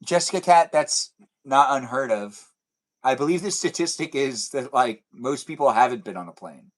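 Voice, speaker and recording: A man's voice: medium pitch, expressive, moderate pace, low-quality recording. Guy rambling on a livestream, goofy and chatty, talks to viewers by name. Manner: rambling, playful, acts out silly imagined dialogues. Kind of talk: casual live-stream chat with viewers.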